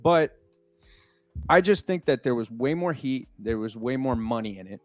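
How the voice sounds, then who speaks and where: A man's voice: mid-range voice, lively intonation, moderate pace, no echo, faint music behind. A man cohosting a wrestling podcast in casual, profane, mock-boastful panel chat. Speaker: podcast co-host.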